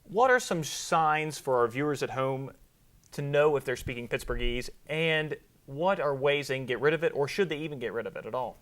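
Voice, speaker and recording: Host: young man, lively pitch, quick jokes and laughs between questions. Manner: jokey, playful, laughs often. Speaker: talk show host. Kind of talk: casual interview talk. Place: high school venue on location.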